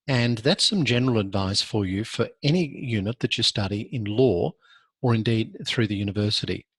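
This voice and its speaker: A male law lecturer with an Australian accent giving earnest, measured advice in a recorded university lecture, pausing now and then on fillers. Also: mid-range voice, slightly rough, dry recording.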